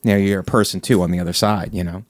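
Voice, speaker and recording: A man hosting a podcast in casual chat, talking emphatically and getting animated when he argues a point. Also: deep voice, rapid-fire. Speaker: podcast host.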